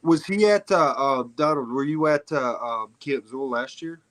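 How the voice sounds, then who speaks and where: A man's voice: a little high, animated, normal speed, crowd noise, low-quality recording. Laid-back rapper man on a call. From Michigan, USA. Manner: loose, laughing, many fillers. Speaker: guest rapper. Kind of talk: casual video-call chat. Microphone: video call.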